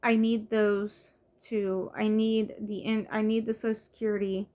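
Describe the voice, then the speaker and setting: A woman's voice: medium pitch, flat delivery, a little slow, dark tone. A young woman from the United States venting in a casual vlog, frustrated, with many fillers and restarts. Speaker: vlogger. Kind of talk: casual vlog rant to camera.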